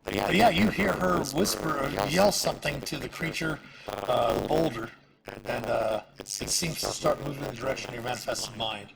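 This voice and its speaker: A man runs a tabletop game as game master and talks through the rules, often correcting himself. His voice is heavily gravelly and rises and falls a lot. Other people chatter in the background. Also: mid-range voice, animated, moderate pace, poor audio. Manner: explaining rules, self-correcting.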